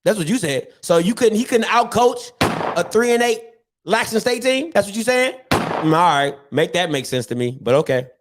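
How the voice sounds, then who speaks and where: A man hosting his own show, ranting casually about sports in an animated, repetitive and mocking way. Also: sits high, normal speed, noisy background. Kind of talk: casual sports rant to camera.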